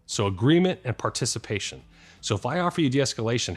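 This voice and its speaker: A man's voice: mid-range voice, big pitch swings, quick pace, breathy edge. A man who works as a police officer, explaining his work to the camera in a plain-spoken, conversational way with a light joking touch.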